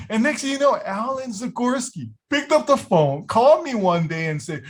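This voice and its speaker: A man telling stories in a casual interview, animated, acting out quotes with lots of fillers and restarts. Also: high-pitched, moderate pace, hardly any pauses. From United States. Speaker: guest, illusion builder.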